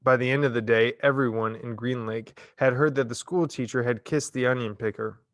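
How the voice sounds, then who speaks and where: A man reading a novel chapter aloud in a measured, expressive storytelling manner. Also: medium pitch, no echo, clean studio sound. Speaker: reader. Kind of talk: audiobook narration.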